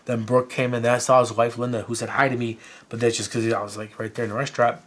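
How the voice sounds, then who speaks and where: A man from Chicago telling a personal story in a documentary interview, animated and full of "you know, man.". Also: medium pitch, fast. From Chicago, USA.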